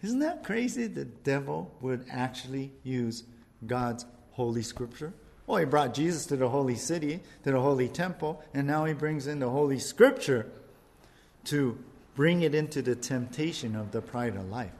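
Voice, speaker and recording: A man's voice: mid-range voice, normal speed, a little mellow. A male pastor giving a casual, conversational sermon and often speaking to the crowd as "you guys". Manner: conversational preaching, addresses the audience as "you guys".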